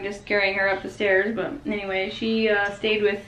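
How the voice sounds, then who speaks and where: A woman in her thirties chatting casually to the camera in a family vlog, easygoing with soft laughs. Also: medium pitch, little pitch movement, fairly quick, muffled recording, slight background noise. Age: 30s. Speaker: family vlogger.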